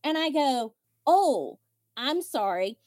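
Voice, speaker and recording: A woman's voice: high voice, sing-song, slow, darkish tone, no echo. Woman podcast host, wry candid storyteller, voice jumps around a lot, super dry sound. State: widow. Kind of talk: casual chat.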